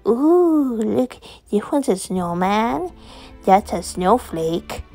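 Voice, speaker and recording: A woman's voice: medium pitch, big pitch swings, very slow, dark tone, faint music behind, heavily acted. A woman voicing an eager, chatty small boy in a homemade bedtime story. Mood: excited.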